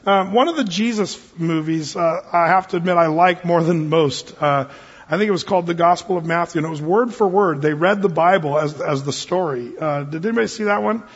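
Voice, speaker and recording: A man's voice: a little high, a little fast, slightly rough. A man preaching a sermon as pastor, in a conversational, joking way. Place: church sanctuary. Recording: reverberant hall, dull lo-fi sound.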